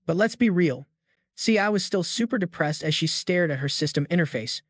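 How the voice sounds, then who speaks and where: A man tells a comic recap in a brisk, slangy way. His voice sits a touch higher than most men's, recorded close and dry with no room sound. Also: expressive, no room sound. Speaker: recap narrator. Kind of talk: scripted recap narration.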